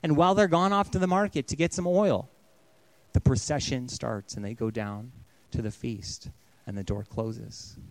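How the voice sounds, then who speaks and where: A man in his thirties, a pastor giving an earnest storytelling sermon that often drops to a hush. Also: mid-range voice, moderate pace.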